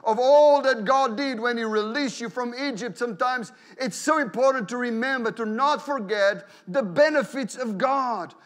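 A man with a high-pitched voice preaches a sermon from a church pulpit. He is animated and acts out prayers and inner thoughts in different voices. His phrases often stumble, repeat and restart. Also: moderate pace, few pauses. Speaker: pastor.

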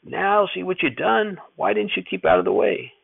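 A man's voice: fairly low pitch, a little fast, vocal fry, breathy edge, no echo, full character voice. A man voicing an irritable old farmer grandfather who snaps orders in rustic country dialect, recorded with tinny phone-like sound. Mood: furious shouting.

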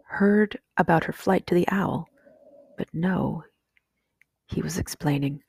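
A woman reading a storybook chapter aloud in a steady, measured way. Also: lowish voice, creaky, slightly rough, no echo, studio quality. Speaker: audiobook reader. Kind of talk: storybook narration.

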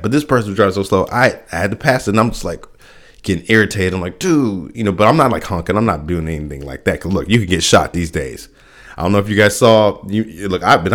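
A man hosting a podcast alone, rambling through a casual rant with lots of fillers, restarts and little laughs at himself. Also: low voice. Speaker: podcast host.

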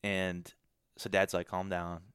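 A man from Michigan tells a story as a podcast guest, talking fast and loose with lots of "like"s and with real feeling in his voice. His voice sits a little low, and the sound is close and dry, with no room around it. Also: completely flat delivery, fairly bright tone, clean tone, no echo. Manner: emotional, many "like" fillers. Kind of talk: casual storytelling.

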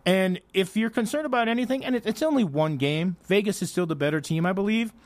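A man's voice: high voice, fast, no room sound. A man co-hosting a sports radio show, talking hockey in casual, teasing banter. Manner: teasing, conversational. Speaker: radio sports talk co-host.

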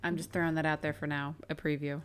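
Low-voiced young woman, easygoing. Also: flat delivery, fast, clean tone. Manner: easygoing, agreeable, chatty. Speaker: podcast co-host. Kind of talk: casual chat recapping a TV episode.

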